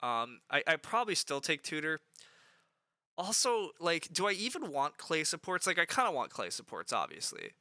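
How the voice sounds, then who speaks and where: A man commenting on his own game stream, talking through each choice with plenty of ums and asides. His voice is very bright and crisp, recorded close and dry. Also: fairly high pitch, wildly swooping pitch, normal speed, no room sound. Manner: thinking aloud, chatty, lots of fillers.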